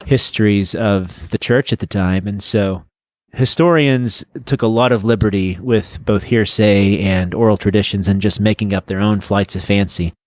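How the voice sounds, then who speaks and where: A man's voice: on the low side, normal speed, few pauses, a little mellow, dry recording. A man co-hosting a casual book podcast, rambling and stopping to search for names as he talks. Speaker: podcast co-host. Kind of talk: casual chat.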